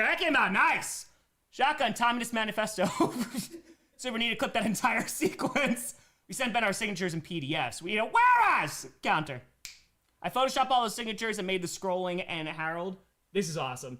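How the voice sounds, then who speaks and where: Excited man chatting on a livestream. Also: high-pitched. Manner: excited, reading chat aloud. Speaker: streamer host. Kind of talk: casual live-stream chat.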